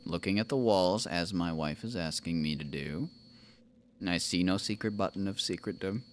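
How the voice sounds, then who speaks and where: A man's voice: deep voice, normal speed, a little hiss or hum. A man streaming a video game with his wife, chatting playfully, narrating his own moves and humming silly nonsense tunes. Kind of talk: casual livestream gaming commentary.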